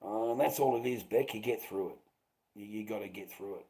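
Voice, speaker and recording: A man's voice: lowish voice, a little fast, dark tone, low-quality recording. A man chatting to his livestream viewers, rambling and swearing, calling them mate and bro. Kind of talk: casual livestream chat.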